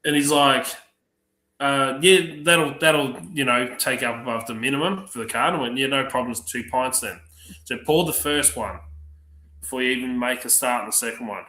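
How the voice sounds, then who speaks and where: A man telling profane, lively stories on a livestream, acting out the other people's lines. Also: medium pitch, a little fast, slight background noise. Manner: profane, animated anecdotes acting out other voices. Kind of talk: casual storytelling on a livestream. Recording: roomy echo.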